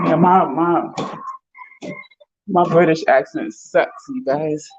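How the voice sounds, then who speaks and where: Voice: medium pitch, fairly even intonation, slow, long pauses, slightly rough, dry recording. A host chatting casually with livestream viewers, talking to the viewers and to pets along the way. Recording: dull lo-fi sound.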